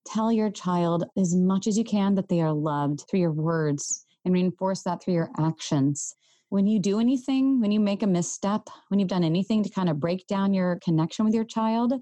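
Woman, 30s, parenting podcast host, earnest, gentle, warm low voice, dry sound. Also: no room sound. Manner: earnest, gentle, speaks to listeners directly. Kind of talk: solo podcast talk.

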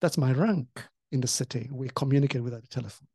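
A pastor sharing a testimony in a podcast conversation, animated and acting out the voices in the story. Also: mid-range voice, fast talker, husky, dry recording. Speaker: pastor and co-host.

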